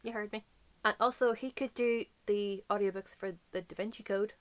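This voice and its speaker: A woman's voice: medium pitch, fairly even intonation, moderate pace. A woman from Northern Ireland with a light Northern Irish accent, chatting casually to camera as a book vlogger, gushing and playful with whispered asides.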